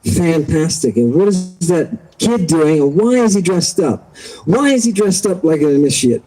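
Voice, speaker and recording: A man hosting an animated livestream lecture, excitable and exclamatory, with frequent joking asides. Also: on the high side, normal speed, poor audio. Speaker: livestream host.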